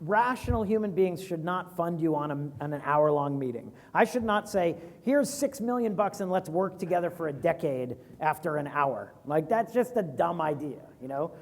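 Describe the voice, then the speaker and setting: A man's voice: fairly high pitch, lively intonation, normal speed, hardly any pauses, in a large hall. A man in his forties, a venture capitalist giving casual advice in a fireside chat and acting out quoted voices.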